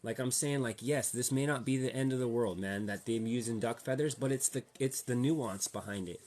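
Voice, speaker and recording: A man's voice: medium pitch, normal speed, darkish tone, a little hiss or hum. A man vlogging a casual rant, slangy and profane, heated and repetitive as he talks to his viewers. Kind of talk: casual ranting monologue.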